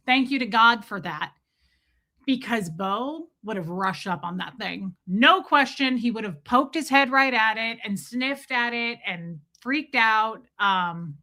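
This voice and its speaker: A woman's voice: a little high, bright, forceful tone. A woman live streamer chatting casually and telling rambling, candid stories with casual swearing.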